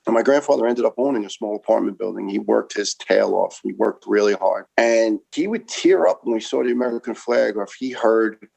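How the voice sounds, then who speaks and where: A man's voice: lowish voice, lively intonation, brisk, gravelly, few pauses, a little mellow, low-quality recording. A middle-aged man from Brooklyn, a former first responder giving an earnest, impassioned interview and repeating words as he builds each point. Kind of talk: conversational interview.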